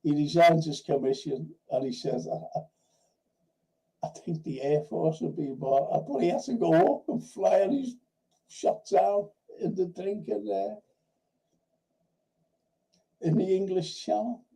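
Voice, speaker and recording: A male livestream host with a gravelly, very dark voice. He rambles through anecdotes in loose casual chat, swears easily and keeps circling back to restart his sentences. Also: sits high, unhurried, pauses often, low-quality recording. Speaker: host of a film and TV review show.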